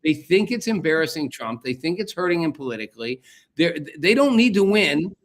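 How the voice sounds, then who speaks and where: A man's voice: a little high, very animated, brisk. A man hosting a political talk show, arguing his point emphatically and repeating key phrases for force. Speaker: show host.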